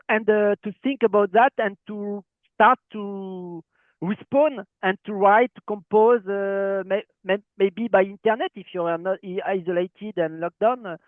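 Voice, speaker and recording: A French-accented man hosts an interview, his voice high and set close and dry. He hesitates often, restarting his sentences with fillers. The sound is thin and narrow, like a phone call. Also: no room sound. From France. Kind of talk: casual interview. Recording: tinny phone-like call line.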